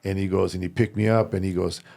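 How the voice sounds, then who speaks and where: A man, a former deputy sheriff, telling animated stories in casual chat, slipping into Spanish for quoted family. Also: low-pitched, quick pace, gravelly. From family from Sinaloa and Durango. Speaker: podcast guest. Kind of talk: casual storytelling.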